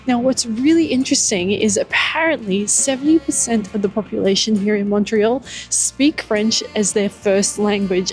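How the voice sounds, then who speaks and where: A woman's voice: on the high side, darkish tone. Upbeat woman travel vlogger. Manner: enthusiastic, upbeat and descriptive. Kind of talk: travel vlog narration.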